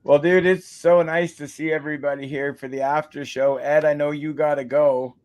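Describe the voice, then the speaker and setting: Canadian guy hosting a relaxed chat from home, easygoing storyteller, a bit high voiced. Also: moderate pace. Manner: laid-back storyteller, laughs often. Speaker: show host. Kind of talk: casual chat.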